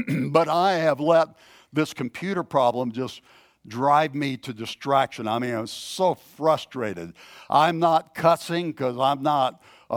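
Slow, halting man preaching a sermon. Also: fairly high pitch, a bit bright, dry recording, clean studio sound. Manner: slow, halting delivery with frequent throat clearing and restarts; self-deprecating, conversational storytelling. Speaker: pastor.

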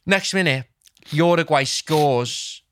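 A man's voice: a little high, slow. A young man hosting a podcast, telling anecdotes in casual chat, laughing and acting out the voices of the people in his stories. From Liverpool, England. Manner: animated storyteller, laughs, acts out voices in anecdotes. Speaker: podcast host.

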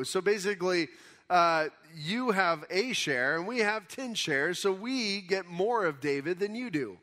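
A pastor preaching a conversational sermon, explaining scripture casually in everyday words. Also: male voice, sits high, lively intonation, normal speed, pushed and bright. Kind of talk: conversational Bible teaching sermon.

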